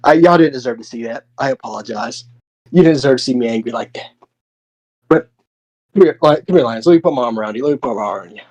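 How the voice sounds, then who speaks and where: A man in character as a wrestler, volatile and cursing, swinging between forced calm and anger. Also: medium pitch, fast talker, long pauses. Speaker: wrestler persona in a press conference roleplay.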